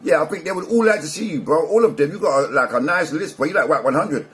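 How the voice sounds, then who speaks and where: A man's voice: on the high side, lively intonation, quick pace. A man ranting bluntly to camera, slang-heavy and repetitive. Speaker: vlogger commentator. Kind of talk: casual rant to camera.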